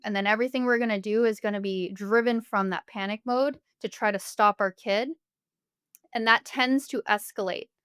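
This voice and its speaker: A woman's voice: mid-range voice, fairly even intonation, moderate pace, fairly bright tone, smooth, no room sound, studio quality. A woman speaking as a family therapist guest on a podcast interview, explaining earnestly with everyday examples.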